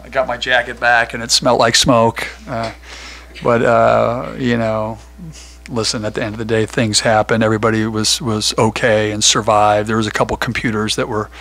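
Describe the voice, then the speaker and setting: A man, a basketball head coach at a postgame press conference, telling a story with many fillers and loud acted-out quotes. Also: mid-range voice. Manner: animated storyteller, acts out quotes loudly.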